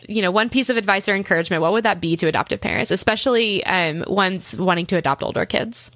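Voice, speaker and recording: A woman's voice: mid-range voice, fast, hardly any pauses, a bit bright, no echo. A woman hosting a parenting podcast who interviews her guest and signs off with encouraging words and some fillers. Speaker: podcast host.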